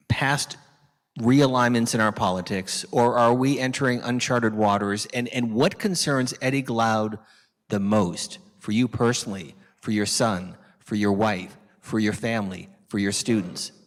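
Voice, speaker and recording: Male interviewer, mid-pitched, measured and probing, long hall reverb. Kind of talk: interview conversation.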